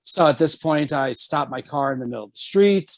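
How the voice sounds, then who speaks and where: Animated swearing podcast host. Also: male voice, a little fast, no echo. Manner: animated, swears often, jumps to high pitch for quoted lines. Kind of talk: casual storytelling.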